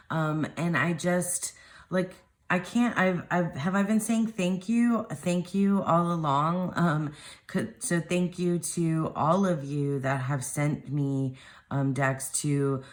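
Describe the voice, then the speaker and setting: A woman vlogger chatting casually as she unboxes tarot decks, rambling and cutting herself off mid-sentence. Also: sits low. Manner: rambling, self-interrupting, gushing.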